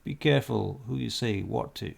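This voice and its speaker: A man's voice: mid-range voice, normal speed, vocal fry. A man voicing a chatty, wary male tavern keeper in a tabletop game, talking in a confiding, gossipy way.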